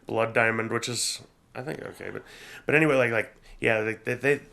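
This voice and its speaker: Gravelly-voiced man in rambling podcast chat. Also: medium pitch, steady tone, a little fast, bright, forceful tone. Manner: rambling, crude, frequent fillers. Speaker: podcast co-host. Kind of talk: casual chat.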